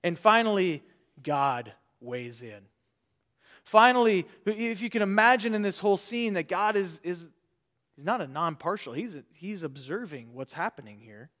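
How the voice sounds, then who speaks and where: A man preaching a sermon in an earnest way. He swings between loud emphasis and quiet, trailing phrases, and he repeats words when he restarts. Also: high-pitched, lively intonation, measured pace. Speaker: pastor.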